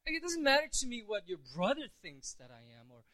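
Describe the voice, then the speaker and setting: A man's voice: extremely high pitch, big pitch swings, fast talker, sharp tone, low-quality recording. A man preaching a conversational sermon as pastor, chatty with frequent restarts.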